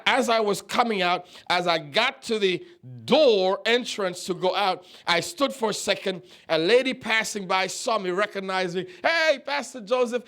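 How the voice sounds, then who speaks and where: A middle-aged male pastor from Nevis preaching a sermon, telling stories and repeating phrases with rising emphasis. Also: a bit bright. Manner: emphatic, repeats phrases, rises to high exhortation. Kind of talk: sermon storytelling.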